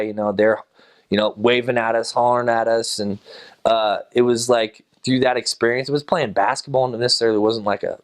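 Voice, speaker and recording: Low-voiced man recalling a mission story. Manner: relaxed and unhurried, with frequent fillers and restarts. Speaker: former missionary. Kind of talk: personal anecdote told to camera.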